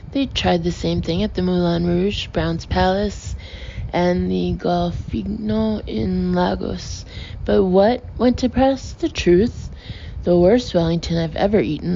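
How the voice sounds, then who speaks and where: A woman's voice: lowish voice, darkish tone, muffled recording, a little hiss or hum. A woman doing a pompous older travel writer. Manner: blustering, raised voice.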